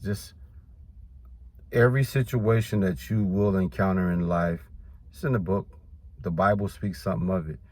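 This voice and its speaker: A man with a very low voice gives an informal Bible teaching. He reads scripture verses aloud and then explains them in plain words. His talk is loose and conversational, dotted with "man" and "you know". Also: darkish tone. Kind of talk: casual preaching to camera.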